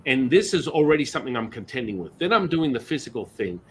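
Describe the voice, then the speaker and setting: A man's voice: mid-range voice, big pitch swings, fast, a little hiss or hum. A middle-aged man hosting a spiritual podcast, telling stories in a rambling, casual way with many restarts. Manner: rambling storyteller, frequent restarts and "you know". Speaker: podcast host.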